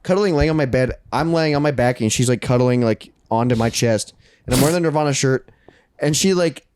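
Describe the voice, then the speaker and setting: A man's voice: medium pitch, fairly quick, a little mellow, clean tone, no room sound. A young man co-hosting a podcast, telling a rambling anecdote with fillers and laughs in casual chat. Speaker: podcast co-host.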